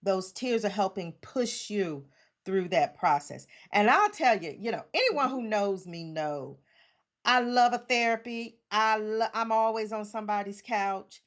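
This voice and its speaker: A woman's voice: medium pitch, expressive, measured pace. A woman in her forties hosting a casual chat, affirming her guest with frequent murmurs of agreement. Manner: warm affirming, many listening murmurs.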